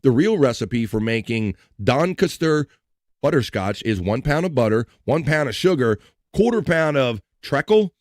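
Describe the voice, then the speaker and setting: A man's voice: mid-range voice, big pitch swings, normal speed, darkish tone, no echo, clean studio sound. A man hosting a casual live stream, reading out national day items in a playful, joking way and slipping into a mock pirate voice now and then. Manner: playful, jokey, slips into a pirate voice.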